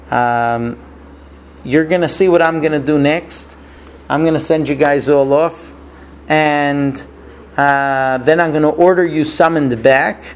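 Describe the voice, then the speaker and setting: A man voicing a stern, powerful male ruler in a retold story, speaking in a measured, imperious way. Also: fairly high pitch, slight background noise, voice pushed down.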